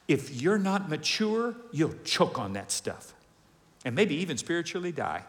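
A man preaching a sermon to a congregation, animated, asking questions and acting out voices. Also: a little high, measured pace. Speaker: pastor. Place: large church hall with congregation. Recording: long hall reverb.

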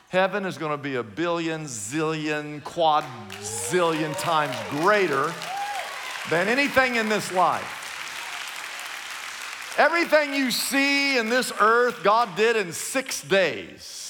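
An older man, a pastor, giving an emphatic, dramatic sermon in a large church, swinging between loud and soft. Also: on the high side, big-room sound, slight background noise. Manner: emphatic, dramatic preaching with sudden swings in loudness.

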